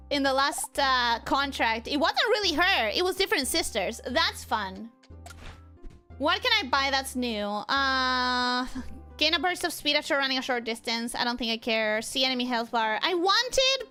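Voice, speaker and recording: High, lively young woman streamer. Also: soft background music. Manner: animated, quick to squeal and laugh. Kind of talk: casual gameplay commentary.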